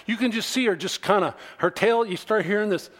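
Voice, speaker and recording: A middle-aged male pastor preaching a sermon, deliberate and measured, dropping to near-whispers and then rising to emphatic peaks. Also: sits high, noisy background. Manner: slow, deliberate preaching that swings from quiet to emphatic.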